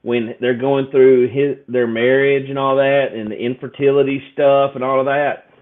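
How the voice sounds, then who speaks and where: A man's voice: medium pitch, level tone, moderate pace, a little hiss or hum. Emotional man on a tinny line. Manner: emotional, rambling with many restarts and fillers. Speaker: podcast co-host. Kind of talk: casual chat. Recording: tinny phone-like sound.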